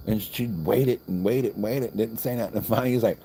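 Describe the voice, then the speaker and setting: A vlogger with a fairly low, slightly quick voice rambles through a long story on a livestream, barely pausing and acting out what the other people in it said. He's chatting from a hotel with crickets audible outside, and there's heavy background noise.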